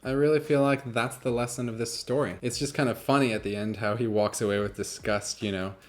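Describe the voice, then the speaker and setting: A man with a mid-range voice hosts a casual video, talking in a loose, chatty way. He jokes often and breaks into laughs as he reads and muses aloud. He comes across as relaxed and playful. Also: medium pitch, a little fast. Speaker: magician and YouTuber. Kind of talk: casual reaction vlog and fable reading.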